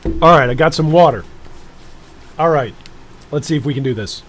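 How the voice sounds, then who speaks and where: A man's voice: fairly high pitch, normal speed. A man in his thirties joking around with viewers while streaming live. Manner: playful, jokey, chatting to viewers. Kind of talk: live-stream reaction chat.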